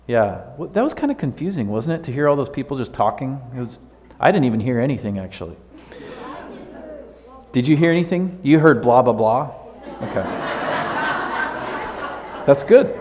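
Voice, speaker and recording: Guy pastor doing a kids sermon, chatty and playful, mid-pitched voice, church hall echo all around. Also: sing-song, moderate pace, long pauses, darkish tone, slight background noise. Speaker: pastor giving a children's sermon. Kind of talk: casual children's sermon to a congregation. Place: church sanctuary. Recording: long hall reverb.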